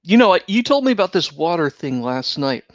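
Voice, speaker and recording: A man co-hosting a casual podcast chat, slightly hoarse, talking in a wry, sarcastic way. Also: a little high, big pitch swings, normal speed, no room sound, muffled recording. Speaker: podcast co-host.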